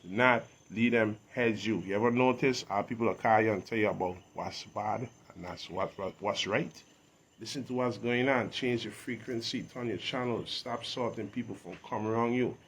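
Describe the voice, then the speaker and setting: A man from Saint Thomas with a Virgin Islands accent, talking as an interview guest in a preachy, emphatic way that often rises loud. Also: on the low side, fairly even intonation, moderate pace, slight background noise. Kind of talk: casual reasoning talk.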